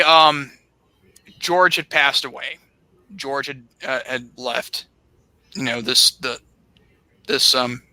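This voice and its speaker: Bright, rambling young podcast host. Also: male voice, on the high side, clear, resonant tone, no echo. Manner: rambling, filler-heavy, restarts often. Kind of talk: casual podcast storytelling. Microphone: laptop mic.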